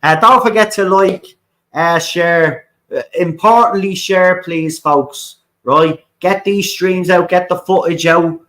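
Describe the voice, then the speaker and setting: A man's voice: high voice, takes it slowly, pushed and bright, poor audio. Fiery Irish man ranting on a livestream. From Ireland. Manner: fiery, repetitive, swears often, keeps asking "right?". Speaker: livestream host. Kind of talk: impassioned livestream rant.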